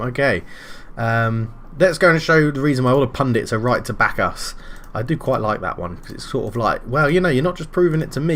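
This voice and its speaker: Chatty man commentating his game. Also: medium pitch. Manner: chatty, self-deprecating, excitable during play. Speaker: video game streamer.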